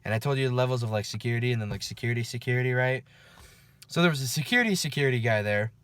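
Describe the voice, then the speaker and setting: A man recounting his night-shift security work in a loose, chatty vlog. He swears freely and keeps tossing in "okay?" and "right?" to check in with the listener. His voice sits at an ordinary pitch and sounds close and dry, with no room around it. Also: rapid-fire, a bit bright, smooth, no echo. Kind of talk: casual after-work storytelling vlog.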